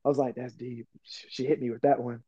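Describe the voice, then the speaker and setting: A man hosting a casual podcast chat, talking in an animated way, laughing often and acting out remembered conversations. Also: medium pitch, quick pace, lo-fi sound, crowd noise. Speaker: podcast host.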